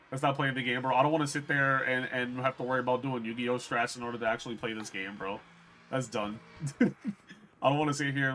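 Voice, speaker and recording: A man's voice: mid-range voice, bright, forceful tone, slight background noise. A young man streaming a video game, chatting bluntly and with swearing to his viewers as he plays. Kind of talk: casual gameplay commentary.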